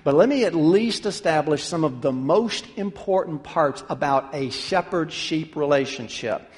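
A man's voice: on the high side, expressive, unhurried, long reverb tail. A man preaching a sermon as a pastor, talking conversationally and lifting his voice for emphasis.

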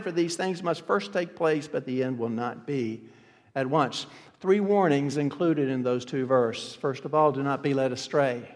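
A man preaching a sermon as a pastor, with emphatic, repeated phrases that swing between loud and soft. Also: on the high side. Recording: long reverb of a large hall.

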